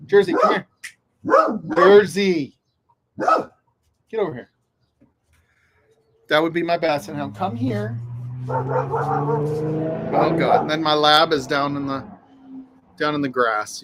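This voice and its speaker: A man's voice: a little high, fairly bright tone. A man hosting a casual livestream chat outdoors in the wind, laid-back, swearing freely and greeting viewers by name. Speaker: livestream host. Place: outdoors on a windy afternoon.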